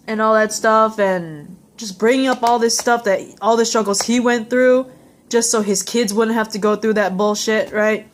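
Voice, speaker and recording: A woman's voice: fairly high pitch, fairly even intonation, normal speed. A young woman recapping a TV episode in a rambling, heartfelt, casual way, full of fillers and restarts.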